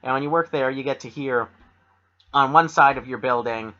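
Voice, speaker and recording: A man's voice: mid-range voice, moderate pace, sharp tone, dull audio. A young man co-hosting a podcast in rambling casual chat, joking and restarting his sentences. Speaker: podcast co-host.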